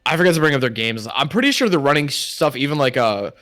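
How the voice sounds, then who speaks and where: A man's voice: medium pitch, lively intonation, fast, pushed and bright, no echo, clean studio sound, soft background music. A man hosting a casual gaming podcast, steering the talk and listing games with small hesitations. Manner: leads the talk, lists names with hesitations. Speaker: podcast host. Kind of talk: casual chat.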